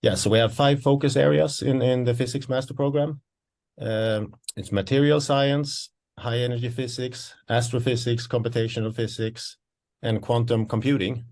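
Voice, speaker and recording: A man's voice: medium pitch, fairly even intonation, moderate pace, a little mellow. A man, an associate professor presenting study programmes in a webinar, slightly out of breath and hesitant as he explains.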